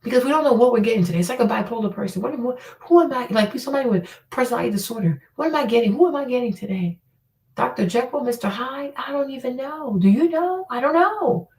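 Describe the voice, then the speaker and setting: Woman podcast host, blunt and exasperated, higher voice, mic set back in an echoey room. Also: animated, quick pace, darkish tone. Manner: blunt, exasperated, drops into whispers for emphasis. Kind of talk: opinionated casual monologue. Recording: roomy echo from a distant mic.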